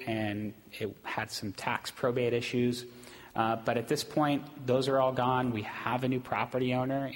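A man on city staff giving a steady, fairly monotone report at a public meeting, with frequent ums. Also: lowish voice. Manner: steady, self-described monotone, many ums. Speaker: city staff presenting to council. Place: city council chamber. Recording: long hall reverb in council chamber.

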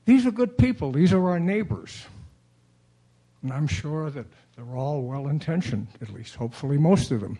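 A man's voice: medium pitch, lively intonation, normal speed, mellow, husky. A man giving a formal, earnest public comment at a city council meeting. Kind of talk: prepared public comment speech.

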